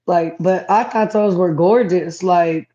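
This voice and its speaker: A woman's voice: lowish voice, takes it slowly, mellow, muffled recording. A woman chatting casually to viewers on a home livestream, reading comments aloud. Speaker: livestream host. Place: home, indoors.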